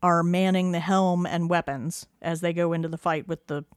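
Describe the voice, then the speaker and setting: A woman's voice: lowish voice, normal speed, no room sound, clean studio sound. A woman co-hosting a casual podcast, recapping a TV episode with laughs, swearing and acted-out lines. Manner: animated, laughing, swearing, acting out scenes. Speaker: podcast co-host.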